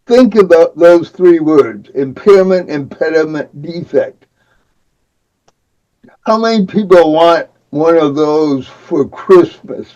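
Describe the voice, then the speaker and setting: Older Midwestern man, cerebral palsy speech, slow and wry, mellow tone, dull lo-fi sound, podcast guest. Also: a little high. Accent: Midwestern American. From American Midwest. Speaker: guest, disability advocate. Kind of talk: podcast interview.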